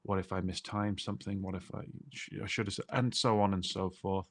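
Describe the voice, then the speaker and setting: Male co-host, lowish voice, talkative explainer. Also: fairly even intonation, fairly quick. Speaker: podcast co-host. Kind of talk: explanatory podcast chat.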